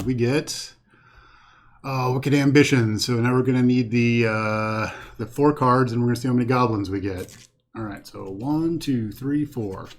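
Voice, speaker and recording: A man's voice: mid-range voice, a little hiss or hum. Man talking himself through a card game. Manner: thinks aloud, counts cards, talks himself through choices. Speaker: host playing a card game. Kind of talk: casual solo card game playthrough commentary. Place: home setup with a green screen.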